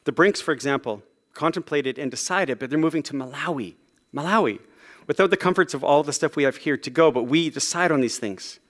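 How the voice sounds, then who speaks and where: A man delivers a sermon in a fairly high voice, talking to the congregation like friends. He is casual and self-deprecating, with frequent ums and restarts. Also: fairly quick, a bit bright. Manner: conversational and self-deprecating, with many fillers. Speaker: pastor.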